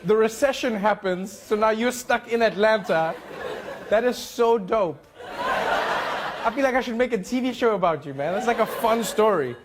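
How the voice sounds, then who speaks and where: A man's voice: high-pitched, lively intonation, normal speed, noisy background. A man from South Africa hosting a comedy talk show, chatting with the audience and slipping into silly put-on voices. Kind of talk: improvised comedic crowd work. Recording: studio audience laughter behind voice. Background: crowd laughter and ambience.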